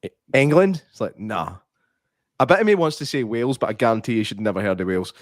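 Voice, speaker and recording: A man's voice: lowish voice, sing-song, quick pace, dry recording, studio quality. A Scottish man in his forties, a podcast co-host who chats casually and laughs a lot while telling rambling stories. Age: 40s. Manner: laughs often, tells rambling anecdotes. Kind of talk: casual watch-along chat.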